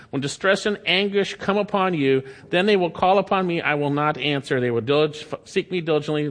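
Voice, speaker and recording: A man's voice: high voice, a bit bright. A male pastor delivering a sermon, reading scripture aloud with emphatic rises and sudden drops. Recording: long hall reverb.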